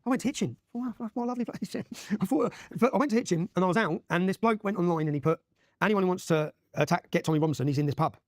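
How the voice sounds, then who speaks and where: Guest, rapid-fire emphatic storyteller, dry room. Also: male voice, high voice, no echo. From Luton, England. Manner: rapid, emphatic, keeps checking with "yeah?". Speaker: interview guest. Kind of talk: animated personal storytelling.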